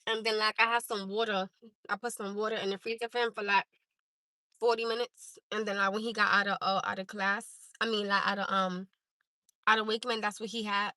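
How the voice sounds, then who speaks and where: Sitting in her parked car, a Newark woman streams on her phone and speaks plainly to the chat in casual conversation. Her delivery is flat and a bit fast at medium pitch, with a sharp tone. The sound is dry and low quality.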